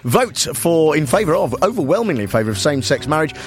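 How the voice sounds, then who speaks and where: Brief: male radio host, high lively voice, jokey banter, music under. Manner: jokey, laughs, quick asides. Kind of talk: casual talk radio banter.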